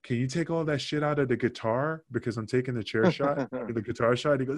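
A male podcast guest with a medium-pitched voice talks a little fast, recorded with clean, dry studio sound. His backstage story is casual and animated, with other people's lines acted out, swearing and all.

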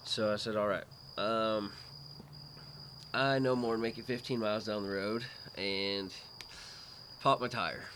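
A man's voice: on the low side, fairly even intonation, unhurried, pauses often, a bit bright, slight background noise. A man telling a story in casual chat outdoors at night, laid-back and laughing as he goes. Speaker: podcast guest. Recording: faint outdoor night ambience with crickets.

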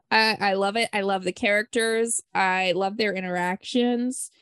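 A woman's voice: medium pitch, fairly even intonation, measured pace, fairly bright tone, smooth, no room sound. A woman hosting a book club podcast, chatting enthusiastically with lots of fillers. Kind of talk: casual book discussion.

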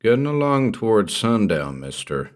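A man voicing a superstitious old backwoods hermit, in a slow rustic drawl that keeps dropping to a hushed, ominous tone. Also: lowish voice, sing-song, pitched above the performer's own voice.

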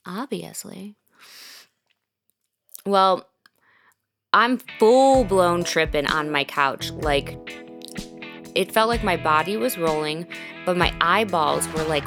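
A woman hosting a podcast, telling a personal story in a casual, animated way, with lots of fillers and swearing. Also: fairly low pitch, slow, pauses often, over music. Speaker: podcast host.

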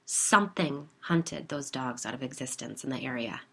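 A woman reading a story, voicing an excitable amateur cryptid-hunting woman neighbor who talks eagerly and a little conspiratorially, speeding up as she explains. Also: very deep voice, moderate pace, creaky, slightly rough, full character voice. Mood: ominous.

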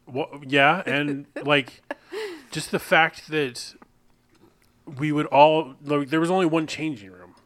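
A man's voice: a little high, fairly even intonation, takes it slowly, a bit bright, dry recording. Rambling, swearing podcast man. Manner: rambling, profane, laughs often. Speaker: podcast co-host. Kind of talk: casual chat.

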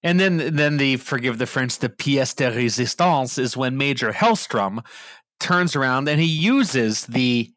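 A man's voice: medium pitch, animated, measured pace, a bit bright, dry recording, studio quality. A man from Pittsburgh co-hosting a podcast, chatting about a movie in a slightly professorial way. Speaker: podcast co-host. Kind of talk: casual movie discussion.

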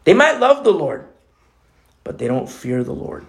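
A man's voice: high voice, sing-song, a little slow. A man preaching a sermon as co-pastor, talking in a conversational way with many asides.

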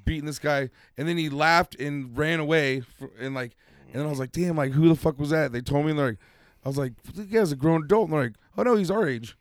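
A man's voice: fairly high pitch, fast talker, dry recording. A man in his thirties in casual chat, laid-back and profane.

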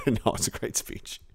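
A man hosting a reaction video, rambling and joking with casual profanity.

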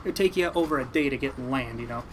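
A man telling a casual story about captaining a fishing boat, animated and swearing casually. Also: mid-range voice, fast, a little hiss or hum, poor audio. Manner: animated, mimics people in quotes, swears casually.

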